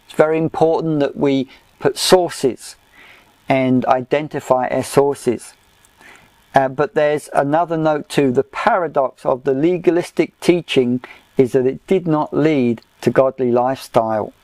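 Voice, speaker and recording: A man teaching a recorded Bible study lesson in a measured, deliberate way, with frequent pauses and fillers. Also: mid-range voice, a little mellow, dry recording.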